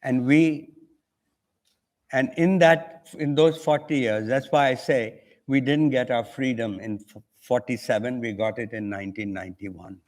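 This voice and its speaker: A man's voice: mid-range voice, measured pace, darkish tone. An older man from India with an Indian English accent, an author telling a story on a conference panel and acting out the voices of the people in it. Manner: acts out dialogue in an anecdote.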